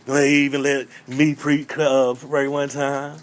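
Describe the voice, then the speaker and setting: A man's voice: medium pitch, level tone, slow. A man doing stand-up storytelling about growing up in church, playful and acting out little voices, often repeating a catchphrase. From North Carolina. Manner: playful, repeats "I'm just saying", acts out voices. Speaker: comedian.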